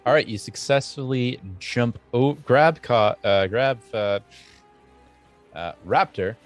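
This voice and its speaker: A man running a tabletop game as game master, halting and full of fillers as he narrates. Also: medium pitch, soft background music. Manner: halting, many fillers and restarts.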